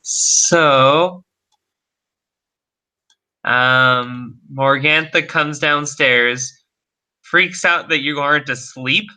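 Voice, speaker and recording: A man running a tabletop game as game master, narrating haltingly with many pauses. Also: medium pitch, sharp tone, low-quality recording. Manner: halting, with many ums and uhs.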